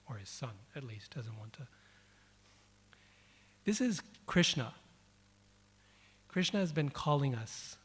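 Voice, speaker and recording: A man's voice: mid-range voice, breathy edge. A man giving a devotional lecture at an event, telling a personal story and repeating words for emphasis. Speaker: speaker. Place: event hall. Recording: long hall reverb.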